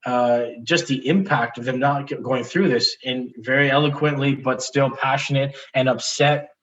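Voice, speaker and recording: A man's voice: medium pitch, normal speed. Candid storytelling man, slightly muffled audio. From Canada. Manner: animated, restarts often, laughs while telling. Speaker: interview guest.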